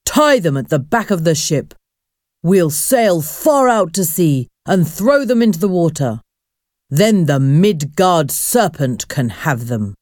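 A woman voicing a boastful, hot-tempered male Viking ghost chief who shouts his orders. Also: lowish voice, very animated, takes it slowly, dry recording, studio quality, full character voice. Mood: angry. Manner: shouting, commanding.

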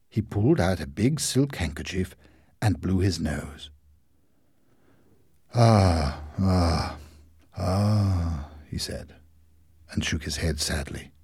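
Man, storybook narrator, lowish husky voice, very lively intonation. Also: no echo, studio quality. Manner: expressive, rises in exciting scenes.

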